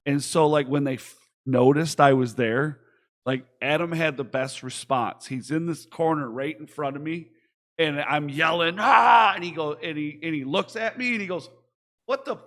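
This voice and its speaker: A young man from Michigan co-hosting a casual podcast, rambling excitedly and swearing freely. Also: a little high, normal speed. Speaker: podcast co-host. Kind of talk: casual chat.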